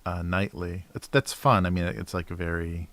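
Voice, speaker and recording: Low-pitched male cartoonist, casual livestream chatter while drawing, mumbly, trails off. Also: little pitch movement, normal speed. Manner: mumbling to himself, trailing off, soft laughs.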